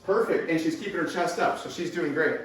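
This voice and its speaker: Man fitness instructor, high voice, encouraging, distant camera mic, echoey home room. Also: a little fast, slight background noise. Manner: encouraging, gives short praise. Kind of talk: demonstrating a home workout. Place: indoors at home.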